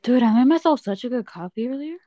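A young woman telling a friend gossip, her voice fairly high and swinging up and down as she acts out each reply. The sound is dry and close, with no room around it. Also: fast, no room sound. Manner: animated storyteller acting out texts. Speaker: friend chatting. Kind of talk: casual chat.

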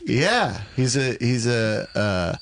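A podcast guest in an easy, chatty mood who rambles through his stories, restarting his sentences. His voice sits at a middle pitch for a man. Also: big pitch swings, slow pace, a little hiss or hum. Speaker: guest actor. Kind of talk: casual chat.

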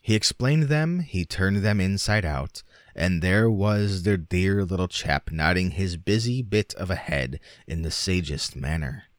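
Deep-voiced man reading a story aloud. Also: a little slow, no echo, studio quality. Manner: expressive, lively storytelling with dramatic emphasis. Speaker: narrator. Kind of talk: audiobook reading of a classic short story.

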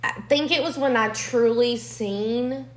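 A woman's voice: fairly high pitch, unhurried. Young woman, podcast co-host, blunt and profane storyteller; roomy echo on the mic. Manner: blunt, swears freely, animated storytelling. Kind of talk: casual storytelling chat. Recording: echoey room.

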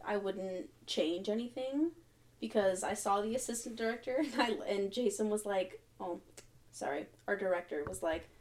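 A woman's voice: mid-range voice, normal speed, darkish tone. A young woman guest on a podcast, chatting casually and telling stories with animation. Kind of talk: casual chat.

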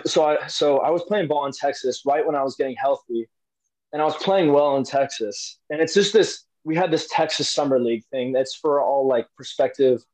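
A man's voice: mid-range voice, a little mellow, low-quality recording. A young man, an interview guest, telling a personal story casually with lots of fillers and restarts. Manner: rambling, many fillers and restarts.

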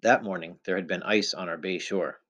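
A man reading a novel aloud in the first person, in a measured, low-key storytelling manner. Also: steady tone, a bit bright, lo-fi sound. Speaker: audiobook narrator.

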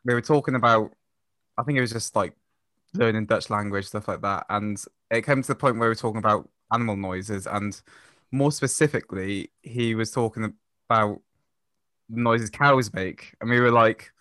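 A man guest on a casual podcast, patiently explaining and telling a story with many pauses and ums. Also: lowish voice, a bit bright, dry recording, clean studio sound.

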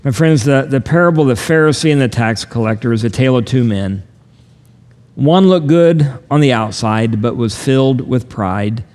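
A man in his sixties, a pastor preaching a sermon in an earnest, measured way, slowing down to stress key lines. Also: mid-range voice, a little mellow. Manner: earnest, measured, slows down for emphasis. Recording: long hall reverb.

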